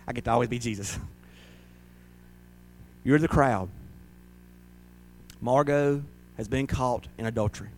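A male pastor preaching a folksy, conversational sermon in a church, often rising to loud, dramatic shouts as he acts out a crowd. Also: mid-range voice, a little slow, pauses often, a little hiss or hum.

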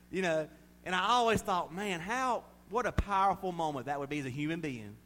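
A male pastor with a Southern US accent preaching a sermon, swinging from shouted proclamation to quiet, confiding asides. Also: sits high, expressive, normal speed, slight background noise.

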